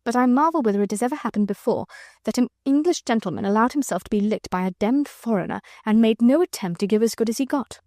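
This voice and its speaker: A woman reads a lazy, affected gentleman from a storybook, drawling every word in a sleepy, good-humoured way. He sounds weak and worn out, yet amused. The recording is dry and close. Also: fairly high pitch, quick pace, no room sound, lightly acted. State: weak and exhausted. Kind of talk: audiobook character reading.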